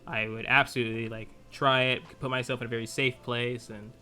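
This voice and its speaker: Bright-voiced male co-host thinking aloud. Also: mid-range voice, level tone, a little fast. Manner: thinks aloud with restarts, explains opinions. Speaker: podcast co-host. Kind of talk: casual chat.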